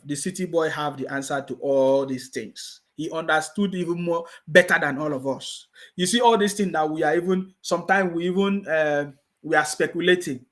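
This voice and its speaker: A man with a Nigerian English accent hosting a live stream, reading viewer comments and scolding his critics with repeated mocking taunts. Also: fairly high pitch. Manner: reads viewer comments aloud.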